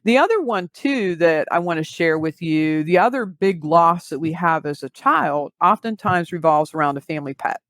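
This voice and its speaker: A woman guest, a grief recovery specialist, explaining in measured interview talk with vivid everyday examples. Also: on the low side, lively intonation, fairly bright tone, no echo.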